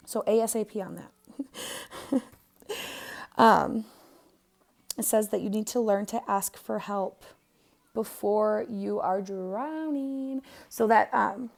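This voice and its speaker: A woman's voice: mid-range voice, a little slow, gravelly, long pauses, a little mellow. A young woman giving a casual birth chart reading, blunt and profane, with lots of fillers. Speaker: astrologer.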